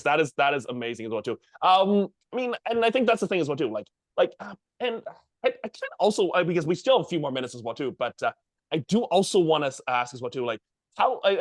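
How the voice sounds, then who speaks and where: Rambling high-voiced male podcast host. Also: very animated, quick pace, no room sound, clean studio sound. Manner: rambling, many restarts and fillers, frequent backchannels. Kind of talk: casual interview chat.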